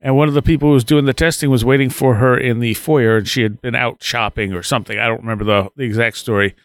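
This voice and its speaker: A male podcast host at a medium pitch, recorded dry and close with no room sound. He talks casually and hesitantly, pausing on fillers as he recalls things. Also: steady tone, dry recording. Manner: hesitant, many "uh"s. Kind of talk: casual interview.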